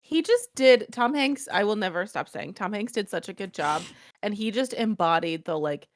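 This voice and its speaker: A woman's voice: mid-range voice, lively intonation, normal speed, no room sound, studio quality. A young woman co-hosting a podcast, chatting casually and telling stories while swearing freely. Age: young adult. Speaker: podcast co-host. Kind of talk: casual chat.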